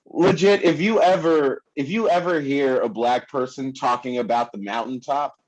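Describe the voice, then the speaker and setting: A man's voice: medium pitch, normal speed, darkish tone, lo-fi sound. A man performing a stand-up comedy set on a club stage, rambling with lots of fillers and laughing at his own jokes. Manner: rambling, filler-heavy delivery.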